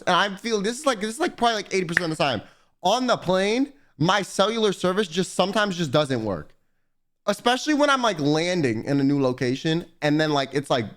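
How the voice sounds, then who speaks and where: A male streamer telling a story in casual chat, rambling, animated and full of profanity. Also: high-pitched.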